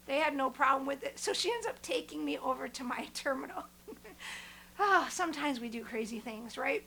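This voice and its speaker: A woman hosting her own podcast, telling a story in an animated, excitable way. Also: sits high, fairly quick, creaky. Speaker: podcast host.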